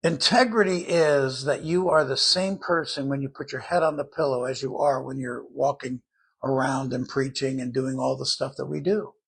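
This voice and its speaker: An older man preaching a sermon in an earnest, conversational Bible-teaching manner, with a husky voice. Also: mid-range voice, fairly even intonation, normal speed.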